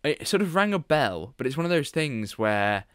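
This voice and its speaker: A man's voice: medium pitch, very animated, moderate pace, a bit bright, clean tone, no room sound, studio quality. A British man hosting a podcast in casual chat, laughing often and restarting his sentences. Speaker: podcast host.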